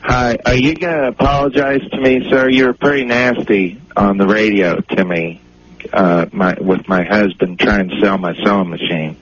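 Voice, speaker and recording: A man's voice: fairly low pitch, steady tone, normal speed, lightly acted. A man playing a wronged wife, indignant. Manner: accusing, indignant. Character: man faking an upset wife on a call. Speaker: prank caller. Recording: noisy lo-fi radio broadcast.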